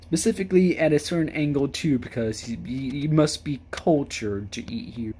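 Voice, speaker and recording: A man's voice: mid-range voice, normal speed, mellow, a little hiss or hum. Sarcastic, cursing young man. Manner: mocking, profane, rambling. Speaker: video host. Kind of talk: sarcastic reading and commentary.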